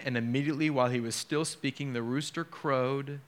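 A male pastor delivers a sermon in a middle-pitched voice. He preaches with feeling, sinking to a near hush on heavy moments and lifting his voice to press a point. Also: fairly even intonation, a little fast, few pauses. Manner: emotional, dramatic shifts from hushed to raised.

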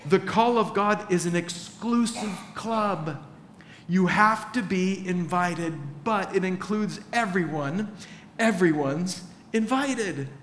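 A man preaching to a church, chatty and lively as he acts out little exchanges between people. His voice sits a bit high for a man. It rings through a large, reverberant hall with faint room noise. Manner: conversational, acts out little dialogues in different voices. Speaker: pastor. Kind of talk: sermon. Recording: echoey hall, faint ambience.

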